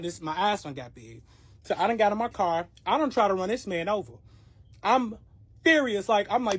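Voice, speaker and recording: A creator telling a wild personal story in a casual storytime monologue, animated and profane, acting out every quote. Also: mid-range voice, a little fast, slightly rough, no echo.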